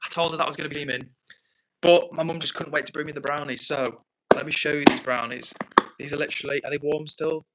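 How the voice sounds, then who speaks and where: An English man hosting a livestream from home, chatting casually and reading out comments in an excitable, quick way. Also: fairly high pitch, heavy background noise. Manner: excitable, fast-talking. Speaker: livestream host.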